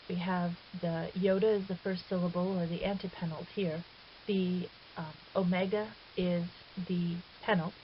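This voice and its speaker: Patient woman teacher on lo-fi audio. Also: fairly low pitch. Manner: patient, methodical explaining. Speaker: Greek teacher. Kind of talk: recorded grammar lesson. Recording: dull lo-fi audio with faint hiss.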